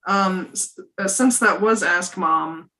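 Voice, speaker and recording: A woman hosting a podcast in casual chat, searching for words with many halting restarts. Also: fairly low pitch, background noise. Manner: halting, full of fillers and restarts. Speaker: podcast host.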